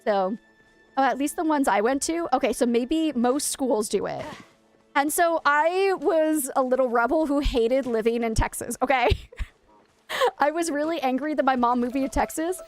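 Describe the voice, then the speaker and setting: A woman in her thirties, fairly high-pitched, rattles on in a chatty, animated way as she plays, reading her viewers' comments and answering them. Soft music runs quietly under her voice. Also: normal speed, no room sound. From Maine, United States. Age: 30s. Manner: chatty and animated, talking to her chat while playing. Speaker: streamer. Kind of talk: casual livestream chat while gaming.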